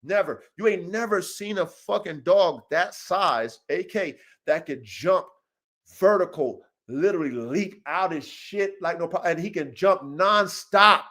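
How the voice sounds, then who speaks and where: High-pitched male podcast host, profane and preachy, repeats himself, rises to shouting. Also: lively intonation, measured pace. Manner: profane, emphatic, preachy, repeats phrases and ends lines with "man"; builds to shouting at emotional peaks. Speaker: dog breeder and podcast host. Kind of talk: casual podcast monologue.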